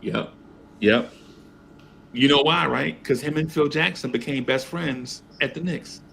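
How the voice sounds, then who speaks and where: A man's voice: on the high side, a little slow, gravelly, a little hiss or hum. A man hosting a casual sports talk show, telling stories with animation and acting out other people's voices. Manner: animated storyteller, acts out voices. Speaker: podcast host.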